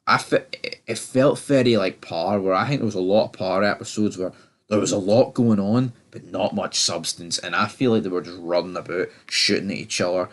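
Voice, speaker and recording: A man's voice: deep voice, fairly quick. A man giving a casual, rambling review of a TV episode, often stammering and repeating words. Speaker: TV show reviewer.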